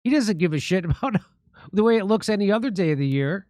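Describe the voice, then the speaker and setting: A male livestream host riffing on politics with biting sarcasm and open indignation. His voice sits a little high for a man. The sound is dry and close to the mic. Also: lively intonation, fast, a little mellow, no room sound. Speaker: show host.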